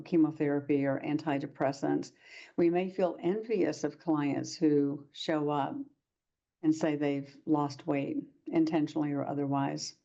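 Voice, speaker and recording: A woman's voice: low-pitched, gravelly, dark tone, lo-fi sound. A woman presenting a workshop lecture to practitioners, talking in a conversational way and acting out short quoted exchanges.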